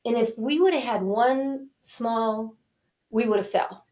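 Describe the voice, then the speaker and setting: An older woman, a talk show guest, telling a personal story in a lively, animated way and acting out what people said. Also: on the high side, takes it slowly. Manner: animated, acts out quotes and cries. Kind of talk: casual storytelling.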